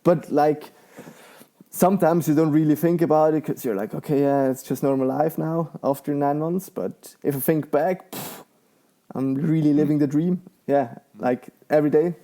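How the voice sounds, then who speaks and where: Excitable young man, mellow voice. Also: on the high side, moderate pace. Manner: excitable, laughs often, lots of fillers. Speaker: guest, professional mountain bike rider. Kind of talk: casual conversational interview.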